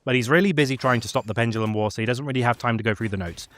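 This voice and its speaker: A man talks through a video game's backstory in a loose, chatty way, full of fillers and asides. His voice sits at a middling pitch, relaxed and conversational. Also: very fast. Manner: chatty, many fillers and laughs. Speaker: gaming lore presenter. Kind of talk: casual lore recap chat.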